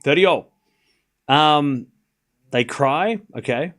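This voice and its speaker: Male streamer, slightly high voice with a lively, bouncing delivery; calls points and banters with chat. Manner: chatty, talks straight to his live chat, with quick asides and restarts. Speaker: host of a live tennis watchalong stream. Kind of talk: casual live commentary and chat with viewers.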